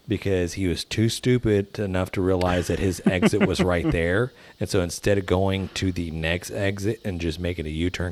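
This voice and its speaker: Deep-voiced Texan man telling a story. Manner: rambling storyteller, mimics people in quotes. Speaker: podcast co-host. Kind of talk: casual chat.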